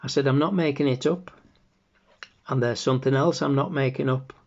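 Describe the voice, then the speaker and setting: A middle-aged man, recounting in a flat, deadpan way in a scripted dramatic monologue. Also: medium pitch, moderate pace, natural voice. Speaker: actor in a monologue. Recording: dull lo-fi recording.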